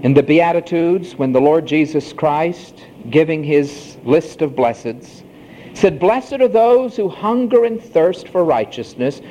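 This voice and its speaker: A man preaching with a high, lively voice that climbs and dips through slow, drawn-out phrases. His tone is mellow and dark despite the height. The recording is dull and lo-fi, with a faint hiss underneath. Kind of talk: sermon.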